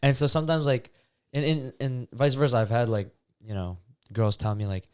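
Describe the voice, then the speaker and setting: A young man co-hosts a podcast in casual chat, relaxed and rambling with plenty of fillers. His medium-pitched voice is clear and resonant at normal speed, recorded dry with clean studio sound.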